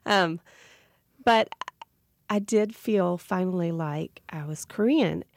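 Southern lady guest on a radio show, earnest and reflective, kinda low voice, lots of fry. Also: measured pace, dark tone, no room sound, studio quality. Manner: earnest, reflective, with small restarts. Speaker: interview guest. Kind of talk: personal storytelling in a radio interview.

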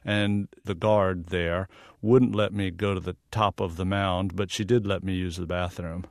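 Southern guy, low voice, earnest photographer talking on radio, dry booth sound. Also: fairly even intonation, measured pace, gravelly, dry recording. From American South. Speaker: guest photographer. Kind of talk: radio interview.

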